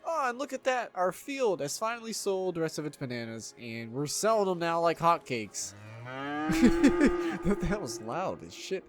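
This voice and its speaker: A man casually commentating his own city-building game, excitable, swearing freely and laughing often. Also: on the high side, moderate pace, hardly any pauses. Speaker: gameplay video host. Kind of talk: casual let's-play commentary.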